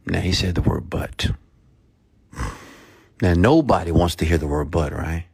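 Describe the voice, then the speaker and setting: In a low, creaky, slightly rough voice, this man in his thirties delivers a motivational talk without hurrying. He's animated as he tells a personal story, playing the people on both sides of it.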